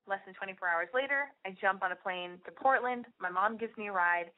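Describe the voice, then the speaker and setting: A young adult woman hosting a podcast, telling a rambling personal story in a casual, animated, profane way. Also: medium pitch. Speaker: podcast host. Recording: tinny phone-like sound.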